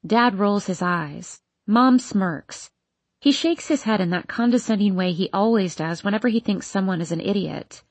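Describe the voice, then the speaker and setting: A woman with a slightly husky voice narrates a first-person teen novel. She reads with emotional intensity. The recording is dry and close to the mic. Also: mid-range voice, moderate pace, no room sound. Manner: emotional, intense, voicing an upset teenage girl. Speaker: audiobook narrator.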